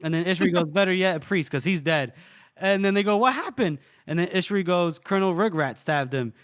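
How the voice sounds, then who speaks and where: Brief: high-pitched male podcast co-host, casual, performs character quotes while summarizing. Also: a little fast, smooth, no room sound, clean studio sound. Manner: acts out characters' lines with shifting voices and laughs. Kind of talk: casual chat retelling a book scene.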